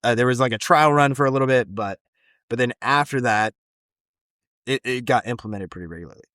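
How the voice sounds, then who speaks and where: A man teaching high school English talks loosely on a podcast, circling back and restarting his sentences and swearing now and then. His voice sits at an ordinary pitch for a man. The close mic leaves it dry, with no room sound. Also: a little fast, a bit bright, dry recording. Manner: rambling, frequent restarts and casual swearing. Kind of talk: casual podcast chat.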